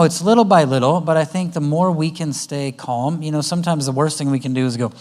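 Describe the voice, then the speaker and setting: A guest speaker at a church conference gives a parenting talk in a church auditorium, often acting out parent-child exchanges in different voices. His voice is a little high and a little mellow, and he talks fairly quickly with few pauses.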